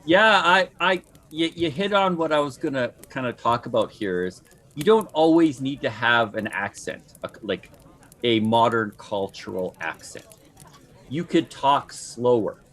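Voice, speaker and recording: Male tabletop player on a podcast, quick, eager delivery. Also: mid-range voice, lively intonation, fairly bright tone. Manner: fast-talking, eager. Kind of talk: casual discussion.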